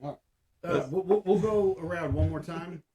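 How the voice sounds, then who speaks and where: A man's voice: high-pitched, normal speed, dark tone. Blunt, dismissive male podcast co-host. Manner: blunt, dismissive, stammering restarts. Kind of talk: casual podcast chat.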